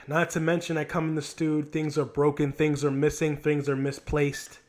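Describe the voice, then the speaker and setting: A man's voice: on the high side, completely flat delivery, moderate pace. Frustrated 20-year-old man venting on a handheld mic. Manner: frustrated, rambling, heavy swearing with many restarts. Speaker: vlogger telling a story. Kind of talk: casual storytime monologue. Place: home recording studio. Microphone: handheld microphone.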